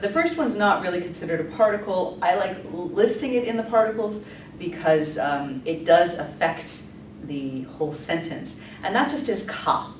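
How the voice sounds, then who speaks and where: A woman's voice: on the low side, animated, moderate pace. A woman giving a casual, chatty lesson, with many ums and light laughs. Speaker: language teacher. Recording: echoey room from a distance, faint noise.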